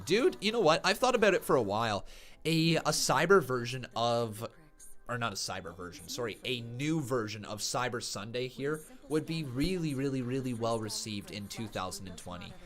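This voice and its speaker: A man hosting a live wrestling watch-along stream. He reacts loudly to the action and chats with viewers in between. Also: mid-range voice. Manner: excitable, bursts into shouting calls; chatty, thanks viewers from live chat.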